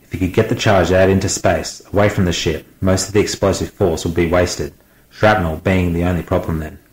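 A man reading an audiobook aloud in a steady, dramatic manner. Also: sits low, fairly quick, roomy sound, poor audio. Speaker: guest audiobook narrator. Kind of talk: scripted audiobook narration.

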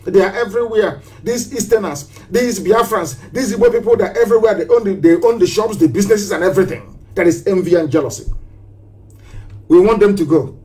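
A man's voice: high-pitched, fast, hardly any pauses, darkish tone. A man giving a live broadcast speech as a political activist, impassioned and preachy, hammering home rhetorical questions and repetitions. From southeastern Nigeria.

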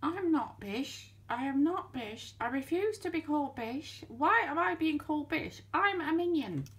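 A woman doing a high, indignant little minion. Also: lively intonation, unhurried, fairly bright tone, exaggerated voice. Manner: high, offended protesting. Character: indignant little minion, touchy about his name.

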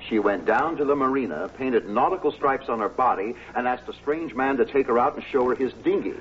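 A man's voice: medium pitch, expressive, a little fast, noisy background, lightly acted. A man playing a dry sarcastic butler. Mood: sardonic. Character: dry sardonic male butler. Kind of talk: 1980s sitcom acting. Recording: dull TV audio with studio audience.

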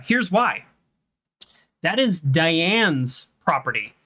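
A game streamer commenting over a playthrough in a lively voice that swings widely up and down. The delivery is heated and animated, with points argued out loud at length. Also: mid-range voice, measured pace, breathy edge. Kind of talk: let's play commentary.

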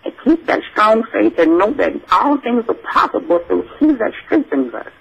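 A man's voice: sits high, very animated, moderate pace, gravelly, husky, highs cut off, full character voice. A man playing a churchy elderly grandmother who calls everyone sugar and keeps calling on the Lord. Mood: preachy. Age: older. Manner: effusive, preachy, exclaims Lord and Jesus. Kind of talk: comic call-in character bit.

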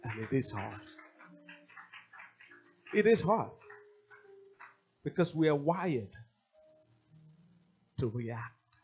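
A man's voice: medium pitch, very animated, extremely slow, long pauses, darkish tone, lo-fi sound, slight background noise. A male pastor preaching a sermon, emphatic and repeating his key phrases.

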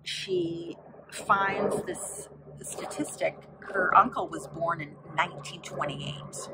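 A woman's voice: lowish voice, sing-song, takes it slowly, noisy background. A woman chatting casually about a book she read, rambling with many fillers as she flips through its pages to find examples. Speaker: book vlogger.

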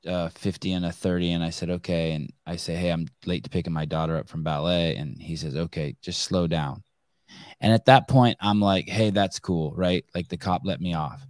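A man's voice: low-pitched, dry recording, studio quality. A man hosting a podcast in casual interview chat, who restarts his sentences often and swears freely. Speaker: podcast host.

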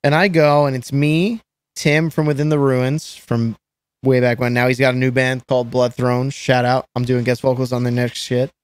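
A man's voice: medium pitch, little pitch movement, moderate pace, clean tone, no echo. A man telling stories as a podcast guest, rambling and swearing with many restarts. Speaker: guest musician. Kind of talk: casual storytelling chat.

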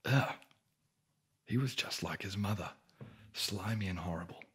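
A man whispering a bedtime fairy tale as an ASMR sleep story into a close microphone, soft-spoken, with wry joking asides. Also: low voice, moderate pace, slightly rough.

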